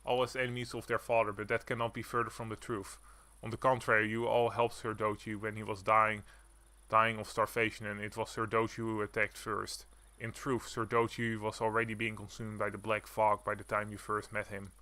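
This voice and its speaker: A man reading game dialogue aloud as a formal, courteous noble mouse creature who squeaks between stiff, old-fashioned lines. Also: flat delivery, a little fast, bright, forceful tone, dry recording. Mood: solemn.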